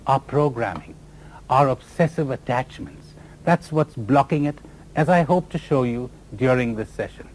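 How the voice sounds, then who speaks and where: A man's voice: medium pitch, moderate pace, darkish tone, slight background noise, low-quality recording. A man from India, giving a spiritual lecture full of stories and laughing at his own jokes. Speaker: spiritual teacher.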